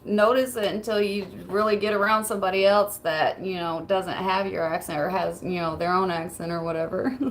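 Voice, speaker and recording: A woman's voice: medium pitch, moderate pace, a little hiss or hum, rough recording. A woman streamer in casual livestream chat, laid-back, swearing freely and laughing often as she reads messages.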